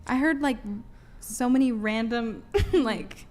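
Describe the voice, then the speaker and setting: A woman's voice: fairly high pitch, slow, a little mellow. A woman panel guest talking bluntly and asking questions. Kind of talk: casual chat.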